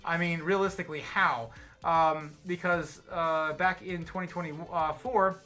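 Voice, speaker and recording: An American man hosts a livestream, his voice pitched on the high side with a sharp edge. A little tipsy, he offers casual market commentary, rambling through plenty of fillers and false starts.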